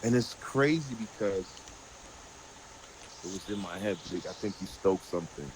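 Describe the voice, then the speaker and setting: Man, low voice, casual Bible study host, animated, noisy background. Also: measured pace. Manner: animated, draws everyday parallels, many fillers.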